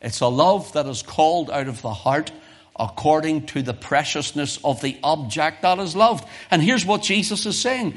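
A man preaching in a church, his voice sitting a little high for a man. He reads scripture in old-fashioned wording and presses questions on his listeners. He climbs loud and high at the big points, then sinks quiet to explain. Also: lively intonation, moderate pace. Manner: emphatic, swells loud and high on key questions, drops soft for explanation. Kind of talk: sermon.

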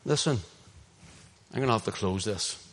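A man with a Northern Irish accent preaching an impassioned sermon, swinging between loud emphasis and hushed asides. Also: on the low side, normal speed. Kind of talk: sermon, streamed online.

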